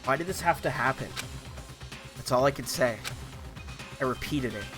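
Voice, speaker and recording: A streamer narrating a visual novel aloud, breaking into loud swearing reactions. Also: male voice, mid-range voice, normal speed, music in the background.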